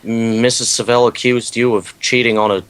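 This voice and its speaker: A man's voice: mid-range voice, little pitch movement, normal speed, crowd noise, poor audio. A teenage man chatting casually on a podcast, often restarting his sentences as he speaks. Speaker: podcast guest. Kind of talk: casual chat.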